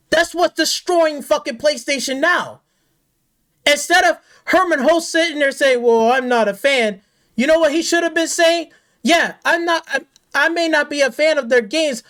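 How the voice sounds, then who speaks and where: High-pitched woman in a heated rant. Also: fairly bright tone. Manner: heated, profane, confrontational. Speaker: gaming commentator. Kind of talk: angry rant.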